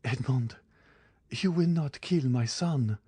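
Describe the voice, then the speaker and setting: A man's voice: on the high side, a little slow, a little mellow, breathy edge, no echo, pitched above the performer's own voice. A man reading an audiobook, voicing a despairing middle-aged noblewoman who pleads for her son. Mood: pleading. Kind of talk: audiobook character voice.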